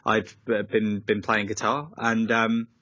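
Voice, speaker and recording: A man's voice: fairly low pitch, level tone, measured pace, sharp tone, dry recording. A young man, a musician, chatting over a video call, rambling with lots of fillers and tangents. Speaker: musician guest. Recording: slightly dull, dry call audio.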